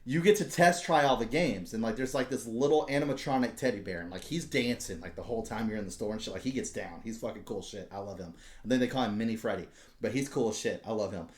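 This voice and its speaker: Profane, animated podcast guy. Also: on the low side, quick pace. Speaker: podcast host. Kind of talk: casual chat. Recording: roomy echo.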